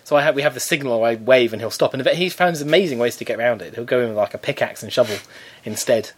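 A man talking at a brisk clip as a podcast co-host. He is playful and self-mocking, and he keeps his stories rolling in relaxed banter. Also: mid-range voice, husky. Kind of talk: casual chat.

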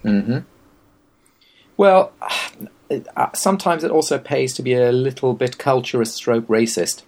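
A man's voice: medium pitch, a little slow, a little mellow. A man in casual conversation, giving wry, opinionated and meandering explanations. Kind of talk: casual chat.

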